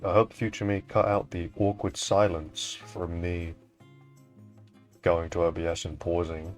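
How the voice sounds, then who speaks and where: A man's voice: deep voice, measured pace, long pauses, a little mellow, soft background music. A young man hosting a fan art showcase in casual, rambling commentary, swearing now and then. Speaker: showcase host.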